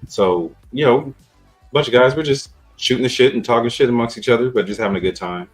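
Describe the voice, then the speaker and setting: A man's voice: mid-range voice, brisk, faint music behind, rough recording. A man hosting a podcast, telling a rambling story in a laid-back, profane, casual way. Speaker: podcast host.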